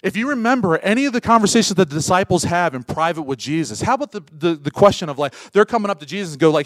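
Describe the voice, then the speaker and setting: A man delivers a sermon as pastor, his voice sitting a little high and moving a lot. He pushes rhetorical questions at the people in the room, then pulls back into quiet, intimate asides. The sound is close and dry. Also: animated, racing, few pauses, dry recording. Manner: swings from loud urgent peaks to soft hushed asides.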